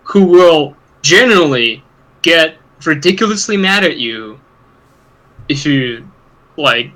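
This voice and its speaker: A man's voice: on the high side, animated, slow, a bit bright, rough recording. A man co-hosting a podcast, rambling in casual chat with lots of swearing and laughter. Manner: rambling, profane, laughs often. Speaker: podcast co-host.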